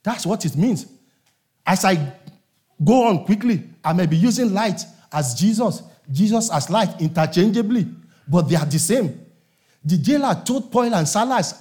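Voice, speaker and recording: Guy preaching a sermon, pretty high voice, keeps repeating lines for emphasis and asking the church to answer. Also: animated, normal speed, a little mellow. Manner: emphatic, repetitive preaching with calls to the congregation.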